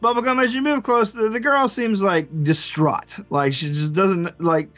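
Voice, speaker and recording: A male game master narrates a tabletop session in a fairly high voice. He stops and starts often and fills the gaps with "uh" and small laughs. The close, dry recording keeps him right at the mic. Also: fairly even intonation, a bit bright, dry recording, soft background music. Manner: halting, with many fillers and restarts, often laughing.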